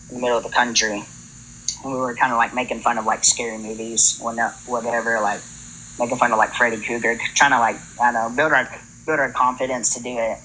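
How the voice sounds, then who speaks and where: A man's voice: mid-range voice, sharp tone, slight background noise, rough recording. Hesitant man rambling through a story. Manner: hesitant, many fillers. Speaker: caller telling a story. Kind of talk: casual storytelling.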